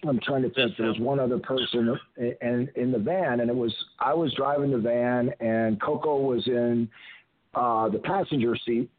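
A man's voice: mid-range voice, fairly even intonation, normal speed, no room sound. Older man telling stories over a phone line. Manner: rambling anecdotes with frequent restarts. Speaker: guest, retired wrestler. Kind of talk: phone interview storytelling. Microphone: telephone.

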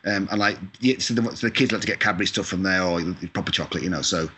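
Chatty Scottish-born man, quick and bright. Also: low voice, breathy edge. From Scotland. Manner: chatty, self-deprecating, mild swearing, many fillers. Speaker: video game composer, guest. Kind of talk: casual interview chat. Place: lives in California.

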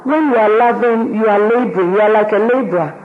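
A woman leading a pastors' wives group gives an informal teaching talk. She talks in a lively way, acts out the voices of people she quotes, and says "you know" a lot. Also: mid-range voice, fast, phone-quality sound.

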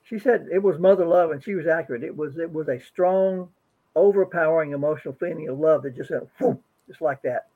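A man's voice: on the high side, quick pace, narrow, tinny audio. A man guest and co-author telling a personal story earnestly, often repeating words as he goes. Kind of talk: interview storytelling.

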